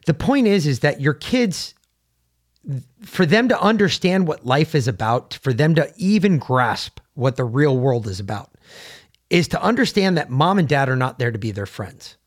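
Man, podcast co-host, blunt, emphatic, swears, casual opinion chat, somewhat high voice. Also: very animated, moderate pace.

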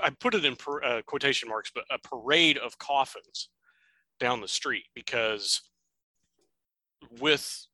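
A man's voice: medium pitch, sharp tone, dry recording, low-quality recording. A man co-hosting a podcast, talking casually about an old film in a thoughtful, rambling way. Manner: thoughtful, rambling, with fillers and restarts. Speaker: podcast co-host.

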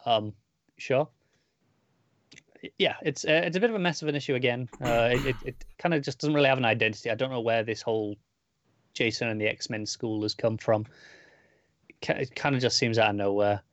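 A man's voice: mid-range voice, brisk, long pauses, highs cut off. A man co-hosting a comics podcast, recapping an issue in a loose, rambling way with lots of fillers and restarts. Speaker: podcast co-host reviewing comics. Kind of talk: casual chat.

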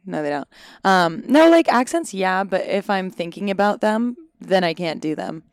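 A woman's voice: mid-range voice, expressive, normal speed, clear, resonant tone, no echo, clean studio sound. A woman in her twenties, an actor, chatting casually and self-deprecatingly in an interview, full of "like". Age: 20s. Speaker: actor guest. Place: Los Angeles.

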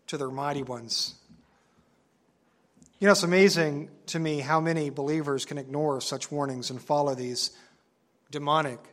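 Male Bible teacher, a touch high in pitch, earnest and emphatic, sermon delivery with deliberate stresses. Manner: earnest, emphatic, stresses key words and slows on them; reads scripture aloud in old-fashioned wording.

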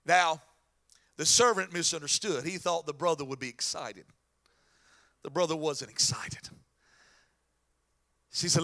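A man preaching a sermon as pastor, animated and telling stories with acted voices. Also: fairly high pitch, moderate pace, creaky, long pauses.

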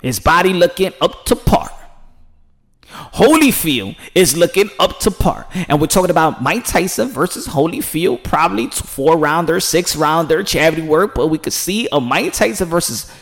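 Man, commentary vlogger, preachy and emphatic, fairly high voice, hushed one moment and loud the next. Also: animated, normal speed, vocal fry.

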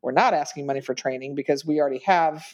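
A woman grant writer on a podcast, explaining things in a practical, step-by-step way with fillers along the way. Her voice is notably low for a woman. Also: fast talker, a little mellow. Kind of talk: casual podcast chat.

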